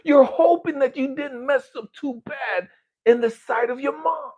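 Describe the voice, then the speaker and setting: A man who works as a spiritual coach gives a heartfelt, confessional motivational speech full of swearing, dropping to murmurs and rising almost to shouts. He speaks at a measured pace, and the audio is dull.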